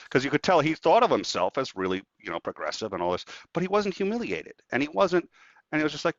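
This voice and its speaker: A man speaking as a guest in a casual conversation, telling stories in an animated way and acting out what people said. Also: medium pitch, fairly quick, dry recording. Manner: animated storyteller acting out quotes. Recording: dull, dry lo-fi sound.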